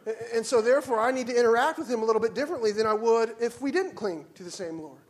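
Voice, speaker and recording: A man preaching a sermon in church, swinging from hushed, measured teaching to loud, fervent exclamations. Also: very high voice. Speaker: pastor. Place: church sanctuary.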